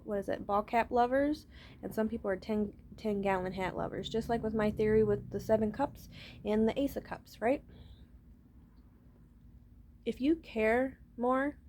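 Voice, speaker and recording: A woman's voice: mid-range voice, a little mellow. A woman talking to her viewers in a rambling, casual vlog monologue, swearing freely and often starting with "listen". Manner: rambling, profane, keeps saying "listen". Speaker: vlogger.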